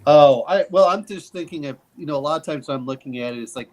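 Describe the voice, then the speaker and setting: A man chatting casually about tabletop games in a halting way, full of false starts and repeated words. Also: a little high, a little mellow, low-quality recording.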